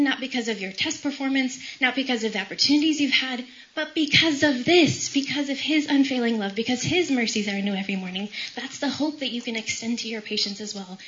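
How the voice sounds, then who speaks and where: A woman's voice: high-pitched, a bit bright, highs cut off. A woman in her thirties giving a tearful, emotional faith talk to medical trainees, with many fillers. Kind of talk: faith talk with scripture reading and personal story.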